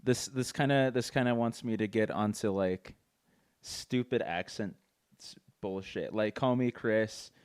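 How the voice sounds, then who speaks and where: A man's voice: fairly low pitch, measured pace, clean tone, no echo, studio quality. A young man hosting a casual podcast chat, rambling with stammered restarts. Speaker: podcast host.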